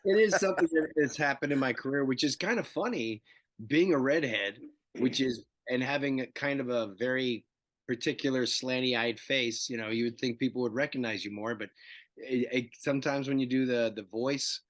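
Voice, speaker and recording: A man's voice: mid-range voice, moderate pace, no echo. Man in his fifties telling stories. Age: 50s. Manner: animated storyteller who acts out dialogue. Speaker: guest actor. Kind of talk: casual interview chat.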